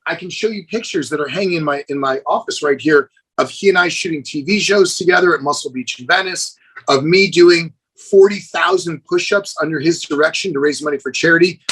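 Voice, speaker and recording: A middle-aged man with a fairly high, husky voice, talking fast and eagerly as a guest in a casual podcast chat. He tells his stories with plenty of energy and throws in "dude" often. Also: rough recording. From United States. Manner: enthusiastic, animated storyteller, says "dude". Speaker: guest, celebrity fitness trainer.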